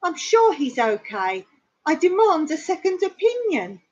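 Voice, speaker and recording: A woman's voice: very high voice, very animated, a little slow, darkish tone, voice pushed up, full character voice. A woman voicing an indignant pet owner in a spoken joke, insistent and demanding, over a dull lo-fi recording. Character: indignant woman refusing her duck is dead.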